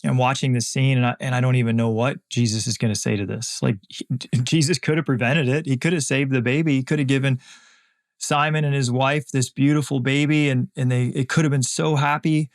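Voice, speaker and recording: Earnest gravelly man giving a motivational talk. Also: medium pitch, fairly even intonation, fairly quick. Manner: earnest, emphatic, repeats phrases. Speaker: podcast host.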